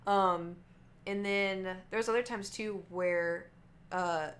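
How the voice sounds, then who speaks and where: A woman's voice: medium pitch, fairly even intonation, slow pace, a bit bright. A young woman streamer rambling through work stories in a chatty way, full of "like" and restarts. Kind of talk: casual storytelling.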